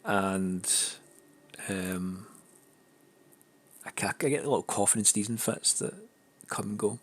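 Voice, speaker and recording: A lower-pitched man talks loosely to his stream audience, his throat slightly raspy and his nose stuffed up. He wanders through his thoughts with lots of "um"s and false starts, in a relaxed, casual chat. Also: slow pace. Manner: rambling, many fillers and restarts.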